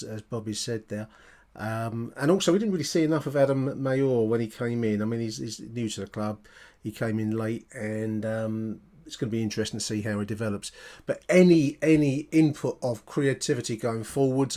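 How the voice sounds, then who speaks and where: A man's voice: mid-range voice, warm tone. Upbeat male podcast host, mid-range voice, conversational. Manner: chatty, upbeat, replying to callers. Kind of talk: podcast chat.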